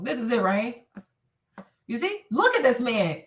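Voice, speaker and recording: High-voiced woman ranting from a distance. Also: a little slow. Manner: animated, blunt and profane, breaks into laughs and shouts. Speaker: commentary streamer. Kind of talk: casual reaction commentary.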